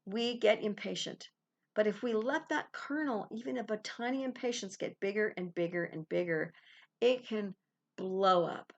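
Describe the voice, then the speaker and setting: Woman podcast host, casual spiritual self-help talk, mid-pitched and animated. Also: moderate pace, creaky, dull audio. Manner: animated, laughs often, acts out little quoted exchanges.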